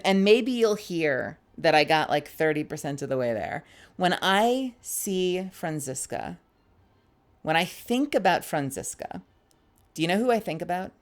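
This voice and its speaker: A tired woman streamer with a low voice chats casually with viewers. She rambles and giggles, often stopping and restarting sentences.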